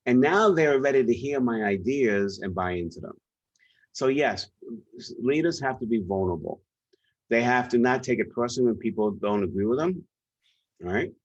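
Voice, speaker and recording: A man's voice: mid-range voice, expressive, normal speed, dry recording. New york guy on a podcast, emphatic storyteller, dull dry lo-fi sound. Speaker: guest, leadership author and speaker. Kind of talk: conversational interview.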